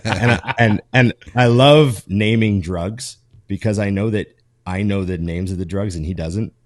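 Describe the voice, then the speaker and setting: A pro bodybuilder co-hosting a podcast, telling a story in a lively, casual way full of fillers. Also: male voice, fairly low pitch, unhurried, no echo, clean studio sound. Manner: animated storyteller with many fillers.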